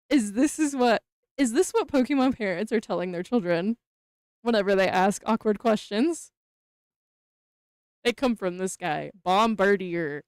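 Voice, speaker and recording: Animated young woman streamer, clear and dry. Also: medium pitch, unhurried, long pauses, dry recording. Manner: nervous, mumbling asides, bursts of excited squealing. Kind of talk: casual card-opening stream chat.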